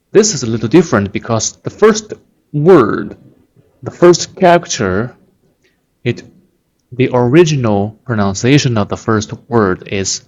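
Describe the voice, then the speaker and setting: Slow-talking guy with teaching a lesson, lowish voice, kinda muffled audio. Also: darkish tone. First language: Chinese. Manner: patient, repeats words slowly for learners. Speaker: Chinese teacher. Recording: dull lo-fi sound.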